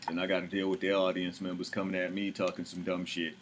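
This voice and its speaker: A show host in casual commentary to viewers, blunt, profane and exasperated. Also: male voice, low voice, completely flat delivery, fast talker, hardly any pauses, slight background noise.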